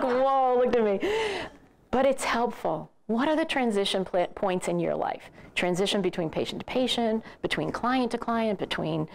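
A middle-aged woman telling a story in a talk, animated and laughing often. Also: fairly low pitch, vocal fry. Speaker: physician support director.

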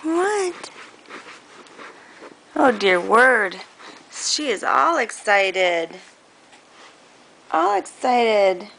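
A woman's voice: mid-range voice, expressive, drawn-out words, vocal fry, pauses often, sharp tone, slight background noise. A woman coaxing her baby in a home video, with sing-song baby talk. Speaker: mother talking to her baby.

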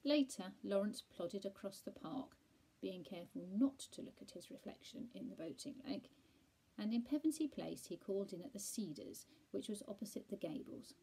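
A woman reading a bedtime story aloud, soft, with hushed asides to a listener. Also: medium pitch, lively intonation, normal speed, creaky, breathy edge, poor audio.

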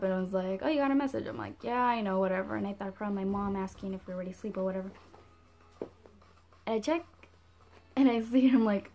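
A teenage girl telling a storytime in a chatty, animated way, full of "like" and "whatever". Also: a little high. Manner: chatty, animated, heavy use of "like". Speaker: vlogger. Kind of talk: casual storytime.

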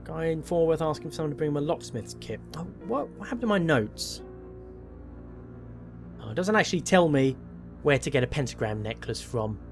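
Faint game music plays as a gameplay commentator works through a horror game, thinking aloud in a wry, self-deprecating way. His fairly high voice is expressive and brisk.

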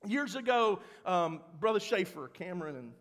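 A male pastor, preaching a sermon with animated storytelling that rises into loud, fervent passages. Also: high voice, normal speed. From Mississippi. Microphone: handheld or headset microphone, sometimes cutting out. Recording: church hall with long reverb.

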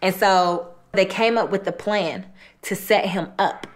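A woman's voice: medium pitch, measured pace. Chatty woman retelling a true-crime story. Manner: colloquial, chatty, repeats phrases. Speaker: host.

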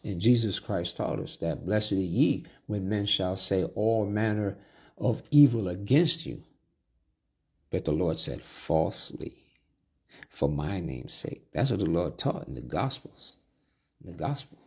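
Gravelly low-voiced male preacher. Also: lively intonation, unhurried, darkish tone. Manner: reads scripture aloud then explains it, with restarts and asides. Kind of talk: Bible study sermon.

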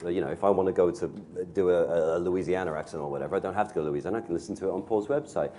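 A man, an actor, chatting eagerly and adding quick asides. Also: low voice, dark tone. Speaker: actor co-host. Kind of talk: enthusiastic conversation.

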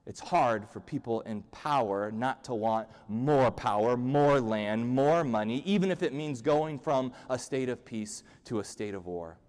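A man's voice: mid-range voice, expressive, unhurried, hardly any pauses, a little mellow. A male pastor giving a humorous, conversational sermon in a church. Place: church sanctuary. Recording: long church-hall reverb.

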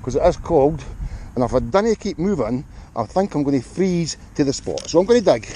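A Scottish man talks his viewers through a dig in a cold field, chatty and upbeat. His voice is mellow and his pitch swings a lot as he talks. A faint hum of outdoor noise sits behind him. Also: expressive, normal speed, low-quality recording. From Scotland. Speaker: metal detecting vlogger. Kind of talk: casual running commentary to viewers.

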